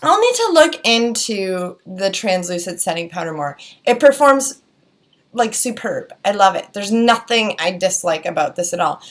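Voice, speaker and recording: A woman's voice: mid-range voice, sing-song, moderate pace. A young woman with a Wisconsin accent, chatting casually through a beauty product review, rambling with lots of fillers and restarts. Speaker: beauty vlogger.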